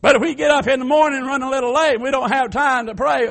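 A man preaching with a strikingly high voice for a man. He swings from fervent shouted cries down to quiet, homespun asides to his congregation. His delivery has the rhythm of an old-time revival sermon. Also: steady tone, fast, creaky. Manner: fervent, rising to shouted cries then dropping to soft folksy asides.

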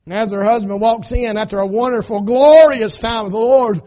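A male pastor preaching a sermon, retelling scripture in folksy everyday words and swinging from loud to hushed. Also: high-pitched, normal speed.

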